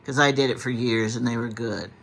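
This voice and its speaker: A woman's voice: very deep voice, steady tone, brisk, slight background noise. An older woman chatting casually in a home kitchen, chiming in and adding her own stories while a man works. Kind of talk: casual chat.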